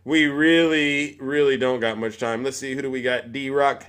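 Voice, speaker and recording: A man's voice: medium pitch, steady tone, normal speed, a bit bright, smooth. A man hosting a political live stream, combative and mocking, often raising his voice at chat viewers.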